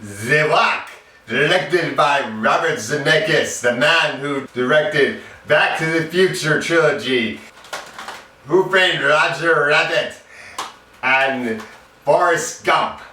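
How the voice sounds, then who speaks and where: A man's voice: slow, sharp tone. A man putting on an exaggerated fake French accent in a playful, theatrical way. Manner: exaggerated, playful, high-pitched. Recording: roomy echo, distant mic, faint hum.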